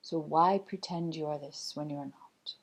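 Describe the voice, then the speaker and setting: A woman channeling a loving spirit guide, giving a slow, measured, gently instructive spiritual message with many pauses. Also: sits low, fairly even intonation, pitched below the performer's own voice. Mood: gentle teaching. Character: collective loving spirit guide, calm and teaching.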